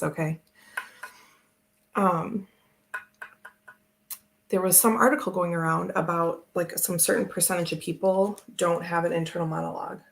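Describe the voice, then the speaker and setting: Woman, tarot stream host; low, gravelly, loose and chatty. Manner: chatty, rambling, laughs often. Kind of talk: casual live-stream chat.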